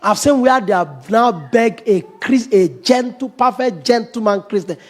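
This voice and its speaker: A middle-aged man, a pastor, preaching an animated sermon, acting out quoted voices and laughing often. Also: high-pitched, measured pace.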